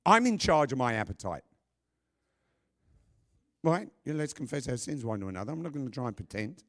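A man preaching a sermon with a lively, swooping delivery, hammering his points home. He keeps it conversational, breaking off for quick joking asides to the congregation. His pitch sits in the middle for a man. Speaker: pastor.

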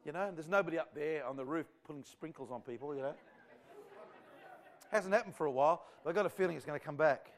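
A man's voice: on the high side, fast, some chatter behind. A man preaching a revival sermon to a church congregation, fervent and rambling in a conversational way. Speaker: visiting evangelist.

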